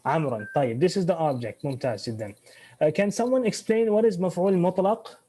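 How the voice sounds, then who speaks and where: A man's voice: fairly high pitch, rapid-fire, warm tone. A man teaching Arabic grammar in an online class, switching between English and Arabic, restarting phrases and quizzing his students.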